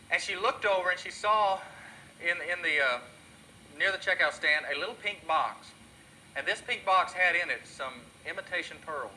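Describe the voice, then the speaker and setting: A man preaching a sermon, telling a story earnestly and dropping softly at tender moments. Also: on the high side, slight background noise, low-quality recording. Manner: earnest, drops softly when moved.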